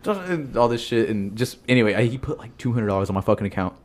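Fast-talking young man telling stories. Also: mid-range voice. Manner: storytelling, profane, animated quoting of others. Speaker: podcast co-host. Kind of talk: casual chat. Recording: audio-only podcast.

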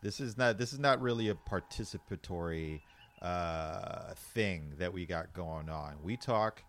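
A man co-hosting a podcast, trading wry, deadpan quips in casual banter and laughing along. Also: low-pitched, unhurried. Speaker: podcast co-host.

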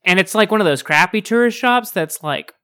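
A woman's voice: mid-range voice, lively intonation, a little fast, pushed and bright. A woman runs a tabletop game, narrating scenes in a loose, chatty way. She fills her sentences with likes and ums and keeps an easy, conversational flow. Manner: casual, laughing, filler-heavy narration. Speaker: game master.

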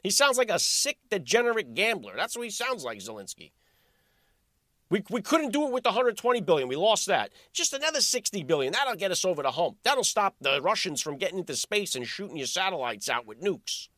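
A man's voice: high voice, big pitch swings, brisk, bright, forceful tone, no room sound, clean studio sound. A male podcast host giving a sarcastic political commentary monologue full of rhetorical questions.

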